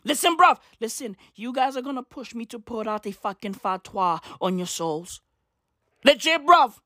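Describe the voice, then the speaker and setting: A woman delivering a comedic rant to camera, loud and profane, with shouted bursts and slang asides. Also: a little high, animated, moderate pace, no room sound, clean studio sound. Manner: heavy use of slang asides. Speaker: commentator.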